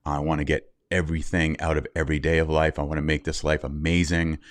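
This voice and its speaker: A middle-aged man with an extremely low voice appears as a podcast guest, candidly telling a personal story at a fast clip. He's an animated storyteller who acts out what people said, and the recording has no echo.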